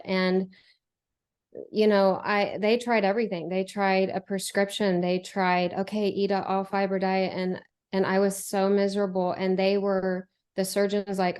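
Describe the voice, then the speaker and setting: Woman guest, candid storyteller, smooth resonant voice, lots of "um" and restarts. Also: mid-range voice. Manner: earnest, many fillers and restarts. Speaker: interview guest sharing her recovery story.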